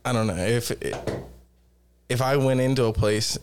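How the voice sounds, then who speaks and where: Male podcast co-host, mid pitch, easygoing banter. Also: steady tone, normal speed, slight background noise. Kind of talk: casual chat.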